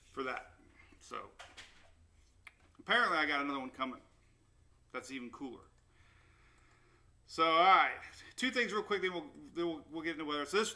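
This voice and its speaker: A man's voice: on the high side, sharp tone. A man hosting a casual weather livestream, rambling and upbeat as he chats with viewers. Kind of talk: casual live-stream chat. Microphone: new desktop microphone.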